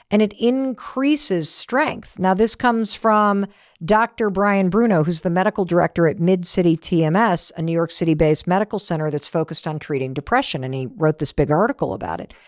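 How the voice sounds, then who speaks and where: A woman's voice: mid-range voice, dry recording. Woman host telling a story, emphatic and chatty, dry mic. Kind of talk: motivational talk.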